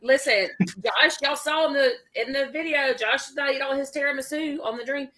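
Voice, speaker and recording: A woman's voice: high voice, a little fast, sharp tone. A woman co-hosting a casual live chat, upbeat and giggly. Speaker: podcast co-host.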